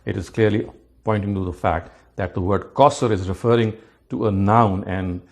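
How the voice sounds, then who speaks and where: A man teaching scripture, explaining word meanings methodically, with frequent restarts and rapid recitation of verses. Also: lowish voice, fairly even intonation. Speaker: religious teacher.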